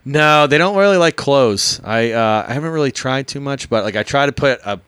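A man's voice: medium pitch, animated, fairly quick, a bit bright, smooth, no room sound. A man hosting a casual podcast, telling stories in a laid-back way with lots of fillers and laughs. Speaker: podcast host.

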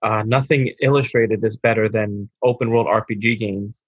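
A laid-back co-host of a casual gaming podcast chats and reads out a listener's message, saying "bro" and slurring over his restarts. His husky voice is fairly low and steady at a normal speed, captured with no echo on a dull lo-fi mic.

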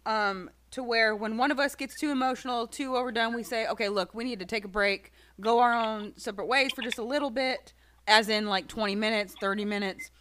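A woman's voice: a little high, brisk, fairly bright tone. A woman co-hosting a casual podcast, explaining things in a laid-back, plain-spoken way. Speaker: podcast co-host.

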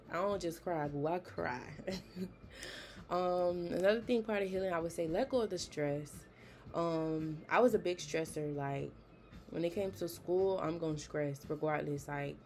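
A woman's voice: low voice, a little mellow, a little hiss or hum. A young woman hosting a podcast, chatty and emphatic, giving casual motivational talk with slangy asides. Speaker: podcast host.

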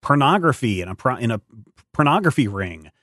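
A man talking movies in a playful, theatrical way, often stumbling over filler words. His voice is mid-pitched. The sound is close and dry, with no room echo. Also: big pitch swings, fairly quick, fairly bright tone. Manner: playful, theatrical, with many hesitations. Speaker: podcast co-host. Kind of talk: casual movie chat.

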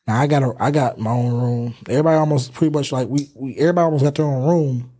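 A young man hosting a casual talk show, telling a story in an animated way and acting out what people said. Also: mid-range voice, racing. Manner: animated storyteller, acts out quotes. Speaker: podcast host.

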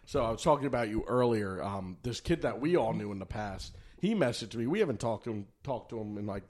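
A man's voice: lowish voice, expressive, a little fast, a little mellow. A man co-hosting a podcast, trading crude jokes and laughing often in casual banter. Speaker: podcast co-host.

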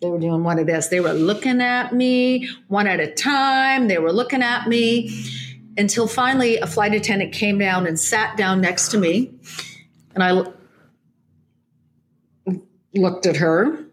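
Woman medium, interview guest, mid-pitched, tells anecdotes in lively bursts with frequent restarts. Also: unhurried, long pauses, slight background noise. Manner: animated storytelling with many restarts.

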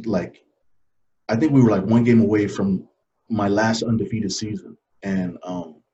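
On a dull, lo-fi recording, a man in his forties recounts something personal as an interview guest. He's earnest but halting, choked up, his voice dropping soft and low.

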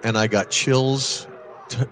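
Man, podcast co-host, casual ghost story, mid-pitched voice, lively retelling, faint noise behind. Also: slow pace. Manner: restarts and repeats words when excited.

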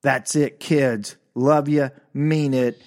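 Older male podcast host, comic monologue, self-mocking, animated, breaks into exasperated outbursts. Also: medium pitch, takes it slowly.

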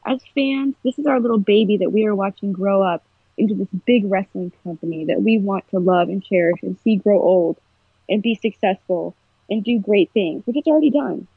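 Husky woman on a tinny line. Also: medium pitch, moderate pace, no echo. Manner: emotional, animated storytelling. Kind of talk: casual chat.

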